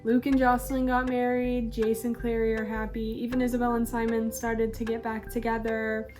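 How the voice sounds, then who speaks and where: Chatty higher-voiced woman over music. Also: little pitch movement, moderate pace. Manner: chatty, gushing, filler-heavy. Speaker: book vlogger. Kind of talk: casual reading vlog update. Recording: clear background music.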